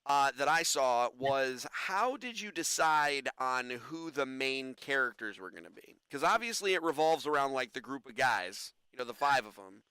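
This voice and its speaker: A man's voice: medium pitch, expressive, moderate pace, hardly any pauses, sharp tone, clean tone, dry recording, low-quality recording. A man hosting a podcast, asking questions in a loose, friendly way with some fillers. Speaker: podcast host. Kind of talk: casual podcast interview.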